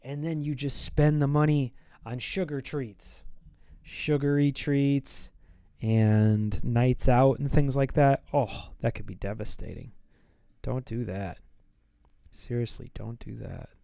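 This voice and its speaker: Chatty male streamer sketching live. He wanders between thoughts playfully, with a smooth, dry, close sound. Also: medium pitch, slow, mellow, dry recording. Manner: rambling, playful, thinks aloud. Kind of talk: casual live-stream chat while drawing.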